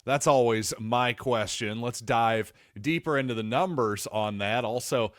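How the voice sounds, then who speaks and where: A man's voice: medium pitch, a little slow, a bit bright, no echo, studio quality. A man hosting a sports podcast, talking casually in a wry, digressive, self-deprecating way. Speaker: podcast host.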